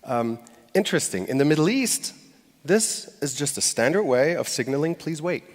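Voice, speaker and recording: A man's voice: a little high, big pitch swings, moderate pace. Man giving a talk in a reverberant hall. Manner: conversational, hesitant with fillers and restarts; acts out short quoted phrases with light laughs. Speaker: conference speaker. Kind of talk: live public talk. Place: stage in a large hall.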